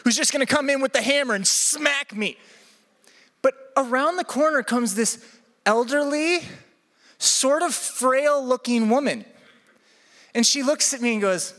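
A man preaching a sermon, telling a comic personal story with lively energy. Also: extremely high pitch, unhurried, long pauses. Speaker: pastor. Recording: echoey hall.

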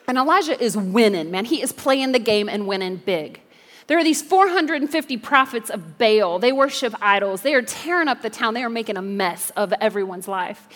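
A woman preaching from the pulpit with a fairly high voice, mixing stories with jokes and asking the crowd to respond. Her voice spreads into the long, ringing reverb of a large church hall. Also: animated, moderate pace, fairly bright tone. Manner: playful storytelling with jokes and audience call-and-response. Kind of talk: sermon. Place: church sanctuary.

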